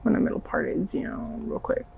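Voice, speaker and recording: A woman's voice: fairly quick, heavy background noise. A young woman with a Southern US accent, chatting anxiously and jokingly through a home hair-dye vlog. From American South. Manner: chatty, anxious, self-mocking. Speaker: beauty vlogger. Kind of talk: casual vlog chat.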